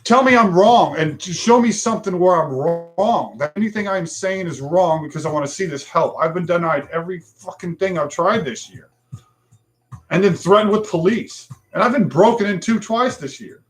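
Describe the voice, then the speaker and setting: A man's voice: sits high, expressive, moderate pace. A man hosting a livestream talk show, ranting bluntly with frustration and swearing.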